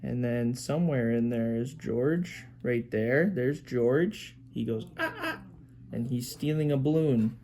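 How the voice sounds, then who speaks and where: A man's voice: mid-range voice, measured pace, few pauses, warm tone, slight background noise. A man reading a picture book aloud to his young daughter, pointing out pictures and making animal sounds.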